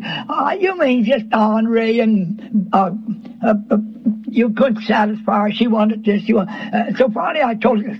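Husky high-voiced preacher on lo-fi radio. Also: male voice. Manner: earnest and halting, with many repeated words. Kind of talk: sermon. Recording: dull lo-fi radio broadcast recording.

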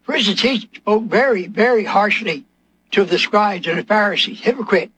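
A man's voice: high voice, moderate pace, bright, forceful tone, slight background noise. A man preaching a sermon, asking his listeners question after question and acting out the voices from scripture.

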